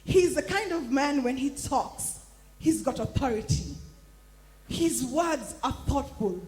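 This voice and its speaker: A woman hosting a live poetry event, announcing with lively enthusiasm. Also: high-pitched, slow. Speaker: event host. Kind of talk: hyping up a live crowd.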